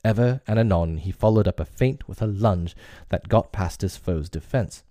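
A man reading a classic story aloud as narrator, in a measured and expressive storybook way. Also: on the low side, no echo, clean studio sound.

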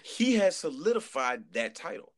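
A man chatting on a podcast, telling an animated story, acting out quotes and repeating words as he goes. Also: fairly high pitch, normal speed. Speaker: podcast guest. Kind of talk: casual chat.

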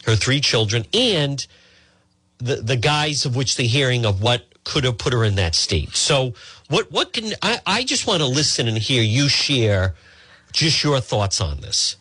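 A man hosting a talk show, speaking earnestly and gently, sometimes repeating and correcting himself. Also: mid-range voice, animated, a little slow, breathy edge, no room sound. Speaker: host.

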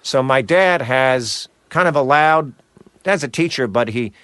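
Clipped, lively-pitched man from New Jersey. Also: unhurried, smooth, no echo. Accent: slight New Jersey. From New Jersey, USA. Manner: clipped, precise enunciation; animated storyteller, slips into voices. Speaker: voice actor guest. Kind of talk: casual podcast interview.

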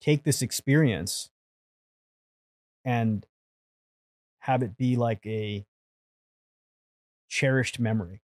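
Man, podcast guest, casual storytelling, animated, swears a lot, mid pitch, dry close sound. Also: takes it slowly, long pauses, no room sound. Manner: animated, swears freely, acts out quotes.

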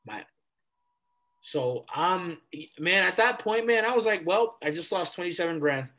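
A man in his twenties, a podcast guest, telling a story in a casual, animated way and replaying conversations with casual slang. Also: on the high side, normal speed. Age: 20s.

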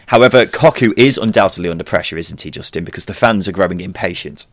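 A man's voice: deep voice, quick pace, no room sound. A man hosting a football podcast, leading the chat, reading out results and putting questions to guests. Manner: leads the discussion, asks questions and reads results. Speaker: podcast host.

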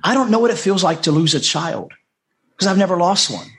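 Amid slight background noise, a middle-aged American man guesting on a podcast tells a personal story with heartfelt sincerity. The life coach speaks briskly and animatedly in a high, fairly bright voice. He repeats himself often and acts out the dialogue he quotes.

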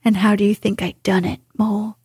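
A woman's voice: medium pitch, flat delivery, brisk, darkish tone, husky, no echo, clean studio sound. Woman whispering as a boastful toad. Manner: boastful and sarcastic. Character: boastful conceited male toad. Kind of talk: whispered role-play.

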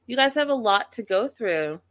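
A woman hosting a casual livestream, recapping a reality show and chatting with her viewers in an opinionated, animated way. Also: on the high side, moderate pace.

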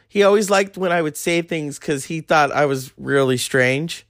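A man's voice: on the high side, moderate pace, fairly bright tone, dry recording, studio quality. A man in his thirties telling a rambling, crude story in a casual monologue. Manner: crude, rambling, acts out quoted voices. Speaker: podcast host.

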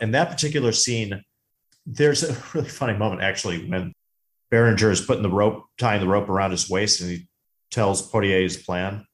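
Guy cohosting a movie podcast, lowish voice, gets animated telling stories. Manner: animated, enthusiastic storyteller. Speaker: podcast co-host. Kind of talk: casual movie podcast chat.

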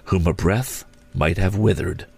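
A man voicing the Ghost, a calm, gentle spirit, in a higher, measured and otherworldly voice. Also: gravelly, husky, full character voice. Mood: solemn.

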